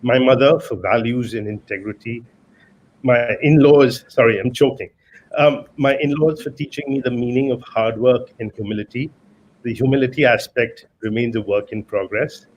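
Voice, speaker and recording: A man's voice: mid-range voice, normal speed, low-quality recording. A man, a lawyer giving a formal, dryly self-deprecating acceptance speech over a video call. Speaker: award winner, lawyer.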